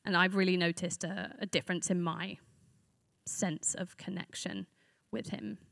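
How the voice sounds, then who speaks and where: A woman's voice: fairly low pitch, steady tone, unhurried, gravelly, fairly bright tone, no room sound, clean studio sound. A woman giving a conversational sermon to a church group, earnest and reflective, speaking off the cuff.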